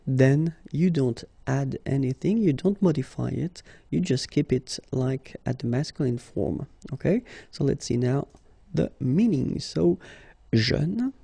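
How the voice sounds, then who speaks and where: French-accented man teaching a lesson, husky tone, dry close sound. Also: mid-range voice, mellow, dry recording. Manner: patient and explanatory, slow and deliberate. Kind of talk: language lesson.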